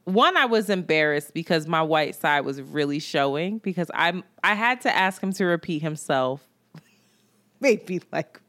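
Female co-host, casual chat; animated storyteller who laughs and swears. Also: low-pitched, a little slow. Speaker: podcast co-host. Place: Brooklyn, New York.

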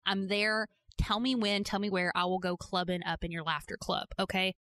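A woman's voice: medium pitch, flat delivery, normal speed, a bit bright, dry recording. Playful self-mocking woman host. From Georgia, USA. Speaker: podcast host. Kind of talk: casual interview chat.

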